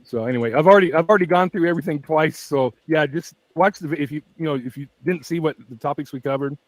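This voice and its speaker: A man rambles through a casual livestream from home, emphatic and quick to laugh. His voice sits a little high and thin, and he has little voice to spare. He speaks very close to the mic, so the sound is dry and intimate. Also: no room sound, rough recording. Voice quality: weak voice that tires easily. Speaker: true-crime channel host. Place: at home with pets. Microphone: very close to the microphone.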